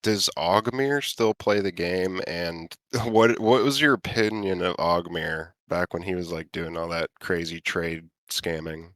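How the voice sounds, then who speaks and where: A man's voice: sits low, unhurried, hardly any pauses, a bit bright, no room sound, studio quality. A man as a podcast guest, blunt and laid back, swearing casually. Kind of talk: casual gaming chat.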